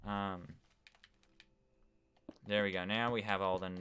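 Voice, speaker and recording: A man's voice: deep voice, flat delivery, slow, long pauses, a bit bright, a little hiss or hum. A man live-streaming a building game, chatting casually to viewers with lots of fillers. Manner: rambling, talks to chat with many fillers. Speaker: gaming streamer.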